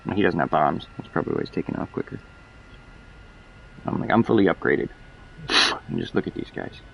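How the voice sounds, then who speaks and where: A man's voice: deep voice, lively intonation, brisk, creaky, dull audio, slight background noise. A man giving rambling, profane commentary while playing a flight game. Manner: rambling, profane, explains as he plays. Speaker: gameplay streamer. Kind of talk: casual gameplay commentary.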